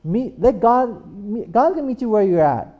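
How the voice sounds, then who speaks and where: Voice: mid-range voice, animated, measured pace, lo-fi sound. A preacher delivering a sermon, repeating points and asking the congregation for amens. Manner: repetitive, rhetorical, calls for amens.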